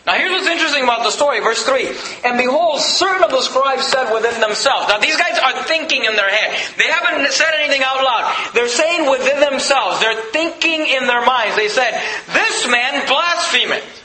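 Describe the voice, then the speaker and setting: A male pastor preaching a sermon in an emphatic, conversational way with quick asides. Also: very high-pitched, lively intonation, bright, forceful tone, echoey room, poor audio.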